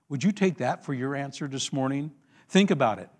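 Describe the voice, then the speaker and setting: A male pastor preaching a sermon, telling a story with lively call-and-response questions to the congregation. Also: mid-range voice, brisk.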